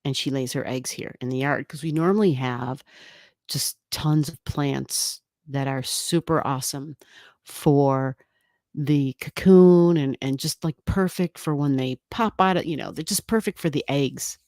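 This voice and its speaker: Woman, low voice, chatty livestream host, rambling, laughs often, dry close sound. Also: unhurried, a little mellow, no room sound. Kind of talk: casual live-stream chat reading viewer comments.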